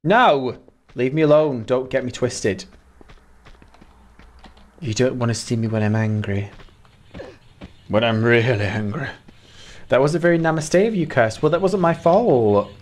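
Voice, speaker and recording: A man streaming a video game live, reacting loudly, laughing and teasing his chat as he plays. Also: mid-range voice, unhurried, pauses often. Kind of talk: live gameplay commentary, reading chat. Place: indoor room.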